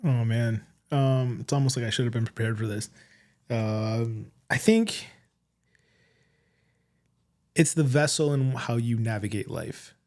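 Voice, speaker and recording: Rambling young male podcast guest, mid-pitched, casual storyteller. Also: unhurried, long pauses, darkish tone. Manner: rambling storyteller, fillers like "you know what I mean". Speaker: guest rapper.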